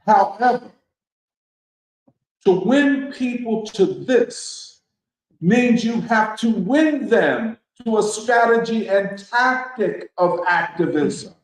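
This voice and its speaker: Guy giving a political talk, slow and emphatic, kinda high voice, rhetorical questions, big echo all around. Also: expressive. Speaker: discussion leader. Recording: echoey room.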